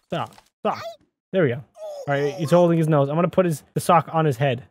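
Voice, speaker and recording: A man hosting a gaming video, giving excitable let's play commentary and talking to the game character as he plays. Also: a little high, brisk, slight background noise. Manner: excitable, talks to the game character, often exclaims. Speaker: gaming channel host.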